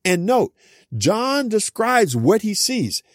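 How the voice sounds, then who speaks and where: A middle-aged man preaching a Bible teaching, reading scripture slowly and then explaining it with personal stories. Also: high-pitched, big pitch swings, dry recording, clean studio sound.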